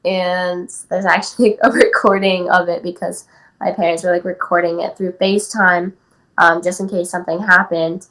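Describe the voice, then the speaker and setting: A woman's voice: on the low side, steady tone, moderate pace, a bit bright, rough recording. An eighteen-year-old woman from California, telling a personal story as a podcast guest in a casual way, full of "like" and "um". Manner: chatty, many "like" and "um" fillers. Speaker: guest athlete.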